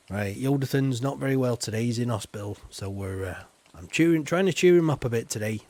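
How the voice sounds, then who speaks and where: A man's voice: medium pitch, brisk, darkish tone, no echo. A man hosting a live game stream, chatting casually and rambling with lots of fillers and restarts while teasing his viewers. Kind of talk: casual live-stream chat over gameplay.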